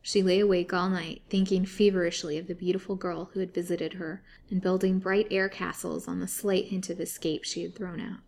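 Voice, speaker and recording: A woman narrating a serialized story with steady, dramatic reading. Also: fairly low pitch, brisk, gravelly, few pauses.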